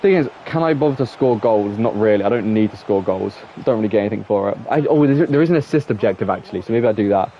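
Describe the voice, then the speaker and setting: A man's voice: lowish voice, lively intonation, fast, few pauses. A young man with an English accent chatting casually with viewers while playing a football game. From England. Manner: rambling, chatty, talks to viewers. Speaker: gaming streamer. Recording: slightly dull lo-fi mic with faint noise.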